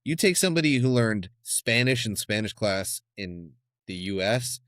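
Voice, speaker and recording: A man co-hosting a book club podcast, retelling scenes of a novel in a lively, conversational way. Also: lowish voice, normal speed, no room sound, clean studio sound. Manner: animated retelling, acting out scenes. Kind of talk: casual book discussion.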